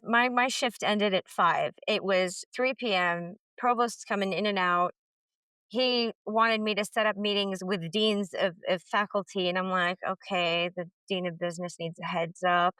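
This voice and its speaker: A woman's voice: mid-range voice, no room sound. A woman who teaches middle school, a podcast guest telling her story candidly and with animation. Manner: emphatic, animated, acts out quoted dialogue.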